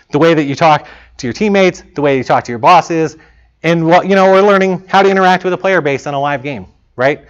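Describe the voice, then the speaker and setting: A man in his thirties giving a casual talk to students as a guest speaker, chatty and self-deprecating, laughing often. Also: fairly high pitch. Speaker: guest speaker, lead programmer. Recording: muffled lo-fi recording.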